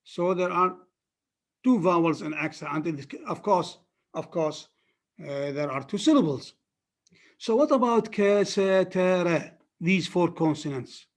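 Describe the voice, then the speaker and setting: A man lecturing a class on phonetics, repeating words and often checking that his students follow. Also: high-pitched. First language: Arabic.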